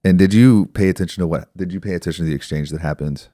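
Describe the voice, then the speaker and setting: Podcast host, male, thirties, deep-pitched, reflective explainer, dry close sound. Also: fast, warm tone, no echo. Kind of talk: casual podcast conversation.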